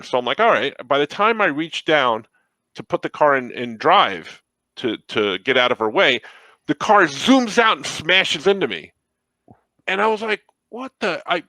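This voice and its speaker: A man chatting casually on a podcast, an animated storyteller who acts out the people he quotes. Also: fairly high pitch, dry recording, low-quality recording. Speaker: podcast co-host. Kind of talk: casual chat.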